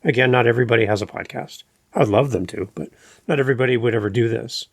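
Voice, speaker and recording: Man, podcast host, relaxed casual chat, gravelly, dry close mic. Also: medium pitch, no room sound. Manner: relaxed, unhurried conversational delivery. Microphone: podcast microphone.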